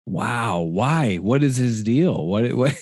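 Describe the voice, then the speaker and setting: A man's voice: mid-range voice, lively intonation, darkish tone, no room sound. Curious man hosting an interview, dry sound. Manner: curious, asks quick follow-up questions, self-correcting. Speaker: podcast host.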